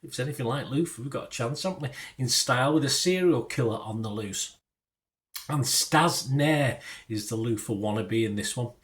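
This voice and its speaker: A man's voice: mid-range voice, normal speed. Middle-aged british guy going thru tv listings, rambly, keeps wandering off topic. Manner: rambling, digressive, chatty asides. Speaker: TV listings reviewer. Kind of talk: casual TV guide chat.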